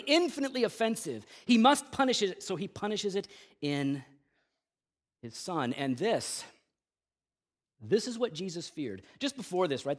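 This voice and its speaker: Male pastor, high voice, preaching with intense swings from loud emphasis to hushed lows, slangy asides. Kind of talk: Good Friday sermon.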